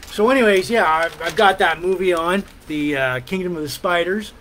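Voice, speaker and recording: A middle-aged man hosting a laid-back podcast, his voice sitting a little high for a man. He rambles loosely with plenty of hums, fillers and the odd curse. A faint hiss sits under the voice. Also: normal speed, fairly bright tone, poor audio. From Ontario, Canada. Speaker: podcast host. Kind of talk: casual rambling chat.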